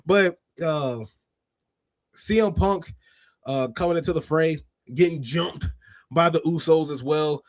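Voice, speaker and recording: A man hosting a wrestling review podcast, chatting casually and slangily, reading out chat comments and bursting into laughs and shouts. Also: a little high, a little slow, long pauses, dry recording. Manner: excitable, laughs often and breaks into shouts; slangy, talks straight to chat readers. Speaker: podcast host.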